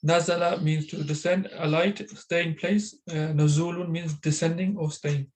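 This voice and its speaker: A man with a slightly raised pitch explains grammar in an online class. He speaks haltingly, often pausing on fillers and restarting words. The sound is that of a video call. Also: steady tone, a little mellow, rough recording. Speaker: Arabic teacher.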